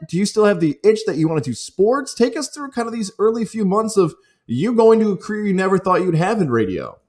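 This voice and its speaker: A man's voice: a little high, darkish tone. A man from Central New York hosting a podcast, asking questions and joking in a conversational way. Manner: jokey, conversational interviewer. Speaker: podcast host. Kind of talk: casual podcast interview.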